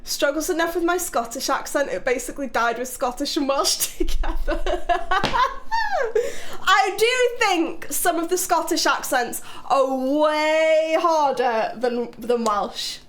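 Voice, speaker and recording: A chatty young woman from Britain talks casually to her live-stream audience, giggling as she goes. Her voice sits high. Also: expressive, unhurried, fairly bright tone, a little hiss or hum. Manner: chatty, giggly, reading chat aloud.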